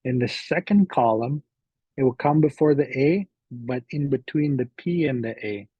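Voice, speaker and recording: A man giving a teaching presentation, slowly sounding out syllables and often checking in with "right?". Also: medium pitch, husky, dry recording, muffled recording. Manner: slow, repeating syllable sounds aloud; frequent fillers and "right?" tags.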